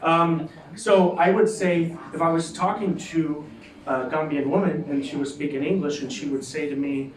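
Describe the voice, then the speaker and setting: A man's voice: a little high, steady tone, moderate pace. A man doing a rambling stand-up set at a comedy night, with lots of restarts and asides. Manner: rambling, loose delivery with many restarts and asides. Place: comedy club stage. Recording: echoey room heard from a distance, with a crowd.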